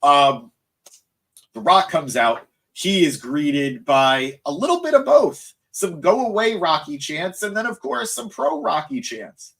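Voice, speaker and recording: This is a man running a live recap stream, his voice a touch higher than most men's. He sounds tired and easily distracted, drifting off to react to the chat before finding his thread again. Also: big pitch swings, takes it slowly, gravelly, a bit bright. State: tired, voice cracking. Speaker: wrestling show host.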